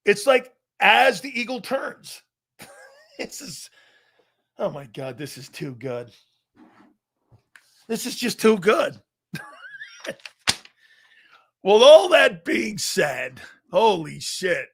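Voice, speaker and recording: A middle-aged man with a high-pitched, wildly swinging voice rants through a live sports talk show. He is loud and profane, and he slips into mocking put-on voices. His delivery is unscripted and animated from start to finish. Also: takes it slowly, creaky, long pauses, breathy edge.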